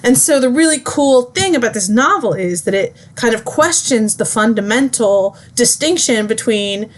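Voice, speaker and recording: A woman's voice: fairly high pitch, animated, normal speed. A young woman student giving a chatty, casual book summary, full of fillers. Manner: chatty, lots of fillers, breezy.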